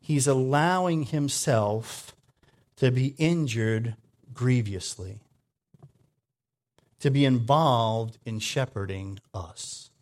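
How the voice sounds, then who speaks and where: Man preaching, sermon, conversational, swings between loud emphasis and hushed asides, medium pitch. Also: slow, long pauses. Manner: dynamic, swings from loud emphatic lines to quiet low asides; conversational, with frequent "right?" checks.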